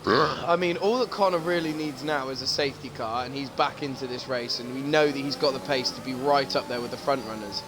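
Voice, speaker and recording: Man, sim racing commentary, excitable, sweary, noisy audio. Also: mid-range voice, fairly quick. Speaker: race commentator.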